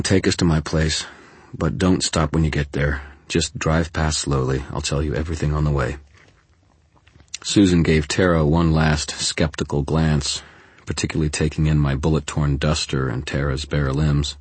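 A man narrates a first-person story in a measured, deadpan way. His voice sits extremely low with a husky, breathy grain. It is recorded close and completely dry. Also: no echo. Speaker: audiobook narrator.

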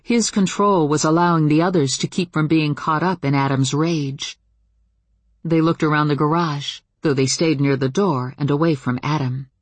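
A woman reads a first-person novel aloud with a measured, dramatic delivery. Her voice has a husky edge. It sits close and dry on a studio mic. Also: low-pitched, steady tone, no room sound. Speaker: audiobook narrator. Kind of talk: first-person fiction narration.

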